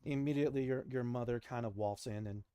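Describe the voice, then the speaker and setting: A man's voice: medium pitch, fast talker, warm tone, clean tone, no room sound. A man narrating as game master of a tabletop game, casual, laughing, with many fillers.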